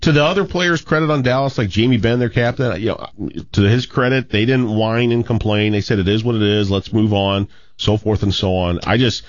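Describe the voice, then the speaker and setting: Guy sports radio host, kinda low voice, rambly chat, lo-fi dry studio. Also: brisk, dry recording.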